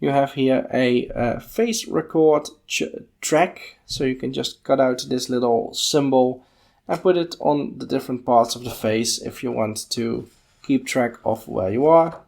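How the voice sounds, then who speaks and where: Male podcast host, slow and gravelly, thinking aloud through a book. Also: medium pitch, a little mellow. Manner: unhurried, musing, thinking aloud with fillers. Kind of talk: casual page-by-page book walkthrough.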